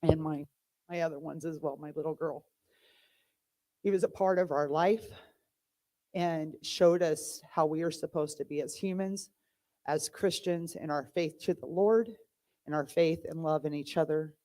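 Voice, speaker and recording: A woman's voice: deep voice, steady tone, a little slow, warm tone. A woman giving a heartfelt, emotional eulogy for her father at a church memorial service. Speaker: eulogy speaker, daughter of the deceased.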